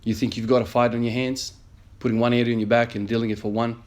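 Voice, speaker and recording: A man's voice: mid-range voice, level tone, fast talker. A man in his thirties, an emergency nurse, earnestly telling a story in a motivational vlog with many fillers. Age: 30s.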